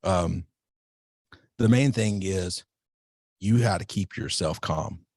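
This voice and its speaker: A man with a very low voice, a self-defense instructor, talking loosely and at length. He often circles back to restart his sentences. The recording is close and dry, with no room sound. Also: slow pace, no room sound. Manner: relaxed, rambling, self-correcting. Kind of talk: casual podcast interview.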